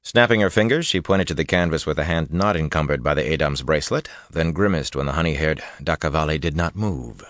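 Male audiobook narrator, very low voice, steady delivery, dry booth sound. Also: a little fast, hardly any pauses, dry recording. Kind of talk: scripted narration.

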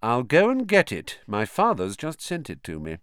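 A man's voice: mid-range voice, wildly swooping pitch, moderate pace, a bit bright, smooth, dry recording, clean studio sound. A man reading an audiobook, voicing an arrogant teenage boy who drawls and sneers. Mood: sneering.

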